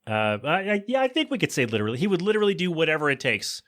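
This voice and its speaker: A man hosting a podcast, recapping a sitcom episode in a casual, joking way and quickly voicing the characters' lines. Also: fairly high pitch, sing-song, fairly bright tone. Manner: chatty, joking asides, quick quoted voices of characters. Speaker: podcast host.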